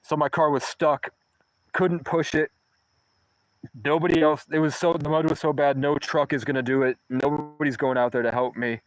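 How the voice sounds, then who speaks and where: A young man talks through a personal story in a loose, rambling way, swearing freely and breaking off to restart his sentences. His voice sits at an ordinary pitch for a man. The recording is dry and close, with almost no room echo. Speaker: vlogger. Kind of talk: casual storytelling monologue.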